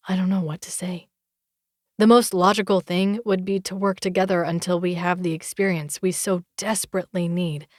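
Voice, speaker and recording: A woman's voice: lowish voice, a little mellow, no room sound. Woman narrating an audiobook, dry and close. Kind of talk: first-person audiobook narration.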